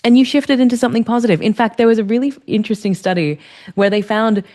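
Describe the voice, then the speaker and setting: A woman, a leadership strategist, speaking as an interview guest and explaining ideas clearly and fluently. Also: on the high side, fairly even intonation, quick pace. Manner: articulate, warm, explanatory. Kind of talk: conversational interview.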